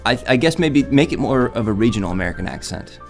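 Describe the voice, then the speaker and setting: A man's voice: mid-range voice, animated, fast, soft background music. A man playing a bossy, exasperated casting director in an improv comedy scene.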